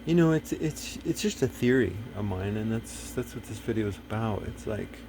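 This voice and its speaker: A man's voice: on the low side, animated, moderate pace, warm tone, a little hiss or hum. Rambling, profane man talking to camera. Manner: hesitant, full of fillers and restarts; profane, blunt. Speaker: video host. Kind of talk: casual rambling monologue.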